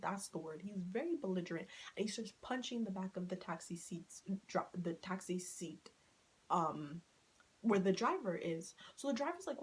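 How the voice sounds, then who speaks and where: A woman talks straight to her followers in a casual storytime. Her delivery is animated and full of swearing, and she keeps acting out the lines of the people in her story. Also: medium pitch, low-quality recording. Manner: animated, swears freely, laughing, acting out quotes. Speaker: storytime vlogger.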